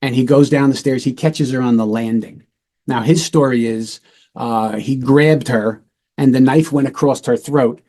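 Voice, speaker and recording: A man's voice: mid-range voice, moderate pace, mellow. A middle-aged man, a retired police lieutenant, telling a true-crime case in a casual, matter-of-fact way and acting out the voices of the people in it.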